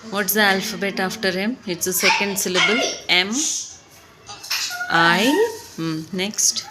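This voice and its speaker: A woman's voice: medium pitch, fairly even intonation, unhurried, very noisy. A woman teacher giving a one-on-one spelling lesson, patient and coaxing, full of encouragement.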